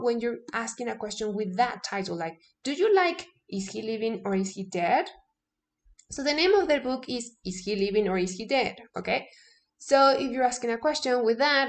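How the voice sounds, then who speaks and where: This woman is an English teacher whose native language is Spanish. She explains grammar step by step in a fairly high voice, frequently checking in with "okay?" and correcting herself mid-sentence.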